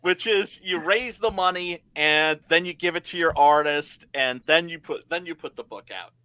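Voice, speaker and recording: A man chatting casually on a comics talk stream, telling stories in an animated, emphatic way. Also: a little high, moderate pace, smooth, dry recording. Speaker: comic creator guest. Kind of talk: casual podcast chat.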